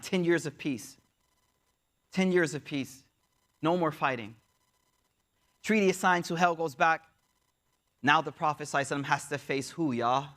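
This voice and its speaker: A man teaching as he tells a story in a lecture, animated and speaking straight to his audience, acting out the voices. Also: on the high side. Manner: animated, addresses audience directly, acts out voices. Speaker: Islamic teacher.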